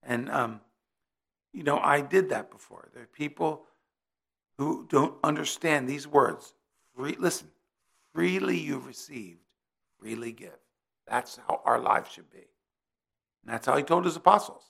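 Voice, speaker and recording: A man's voice: fairly high pitch, a little slow, vocal fry, long pauses, fairly bright tone. A middle-aged man from New Jersey preaching a sermon in a conversational way, weaving in personal stories.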